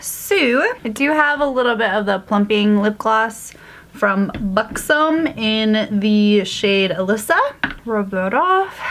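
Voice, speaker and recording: A woman's voice: on the high side, a bit bright. A woman vlogger chatting casually through a makeup tutorial, joking about her own mistakes. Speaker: beauty vlogger.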